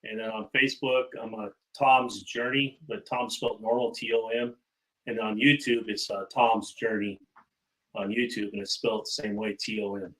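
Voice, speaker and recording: A man's voice: on the low side, level tone, normal speed, a bit bright, low-quality recording. A man speaking as a guest in a casual podcast chat, easygoing and plainspoken with light humor.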